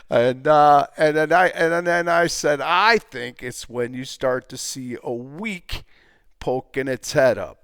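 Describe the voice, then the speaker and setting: A man's voice: on the high side, measured pace, fairly bright tone, smooth, no echo, studio quality. A man casually talking through stock charts as a trading teacher, rambling, repeating himself and throwing in jokey asides.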